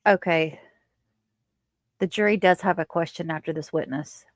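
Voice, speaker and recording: A woman's voice: lowish voice, moderate pace, dry recording, clean studio sound. A woman hosting a casual livestream, chatting with viewers and reading their comments aloud. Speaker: livestream host.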